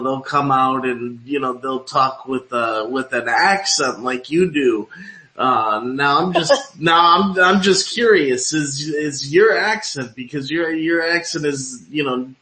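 A man's voice: medium pitch, bright, forceful tone. A man hosting an interview, rambling and padding his questions with fillers. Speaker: interview host. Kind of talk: radio-style interview. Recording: roomy echoing room.

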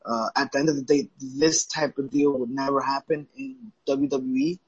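Husky, rambling man on dull audio. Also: mid-range voice, animated, moderate pace, no echo. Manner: loose, profane, rambling with restarts. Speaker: podcast co-host. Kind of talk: casual wrestling chat.

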